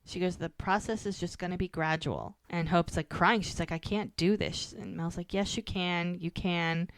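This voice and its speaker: A woman's voice: fairly low pitch, steady tone, moderate pace, no room sound. A woman co-hosting a podcast, casually recapping a TV episode and quoting the characters' lines as she goes.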